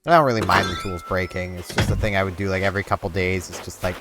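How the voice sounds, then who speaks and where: A man's voice: low voice, steady tone, fast. Man rambling over game music. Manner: rambling, thinking aloud with fillers. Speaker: let's play gamer. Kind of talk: casual gameplay commentary.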